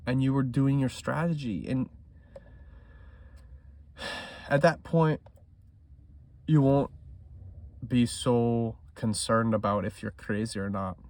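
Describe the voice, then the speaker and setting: A man vlogging about trading in an intense monologue, swearing freely and swinging between loud emphasis and hushed talk. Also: mid-range voice, fairly even intonation, slow pace, long pauses.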